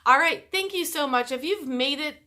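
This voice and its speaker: A woman's voice: high voice, normal speed, sharp tone. A middle-aged woman talking casually to camera, chatty and rambling, often stopping and restarting her sentences. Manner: chatty, rambling, self-interrupting. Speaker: YouTuber.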